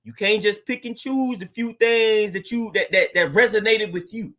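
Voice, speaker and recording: A man's voice: high-pitched, normal speed, sharp tone. A man giving a casual, earnest motivational talk as a coach, preaching and often calling listeners "man" and "fam".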